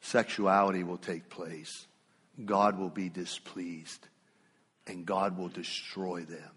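A man preaching a sermon, telling a story with animated swings from loud to hushed. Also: sits low, slow pace, husky. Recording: long reverb of a church hall.

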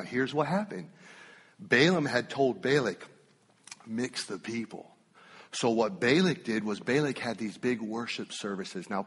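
A man preaching a sermon, telling a story with animated swings from loud to hushed. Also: medium pitch, slightly rough. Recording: long reverb of a church hall.

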